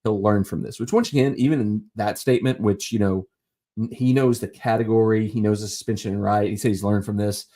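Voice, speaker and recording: A man with a warm, low-ish voice talks fairly quickly with fairly even intonation on a casual live stream. Alone, he chats about sports in a rambling way, with lots of fillers and restarts.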